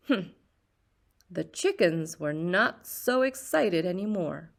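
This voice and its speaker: Slow, lively woman reading a picture book. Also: fairly low pitch, vocal fry. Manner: slow, expressive storyteller's voice. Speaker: children's book reader. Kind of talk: picture-book read-aloud.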